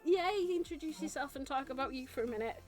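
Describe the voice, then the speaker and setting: A woman's voice: high voice, expressive, fast, faint music behind. A young woman hosting her live stream, giggling often, gushing and tripping over her words. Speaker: streamer and nail technician. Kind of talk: casual live-stream chat.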